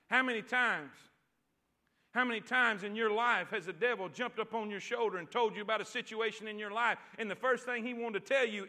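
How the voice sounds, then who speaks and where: A male preacher delivering a church sermon, repeating phrases and calling for responses until he is shouting. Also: high voice, a little fast. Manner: repetitive, call-and-response preaching that builds to shouts.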